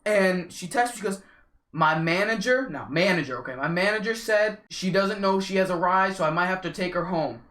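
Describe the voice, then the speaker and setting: A young man with a high, bright voice tells an animated, slangy story. The room around him sounds echoey. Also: fairly quick. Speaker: vlogger. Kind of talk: casual storytime.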